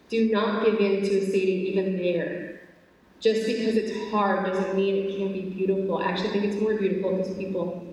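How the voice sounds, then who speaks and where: A young woman speaks at a faith talk, earnest and animated, her speech full of casual fillers. Her voice sits at an ordinary pitch. It rings through a large hall with a long reverb tail, caught from some distance away. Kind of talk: faith talk to a live audience. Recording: echoey hall, voice from far off.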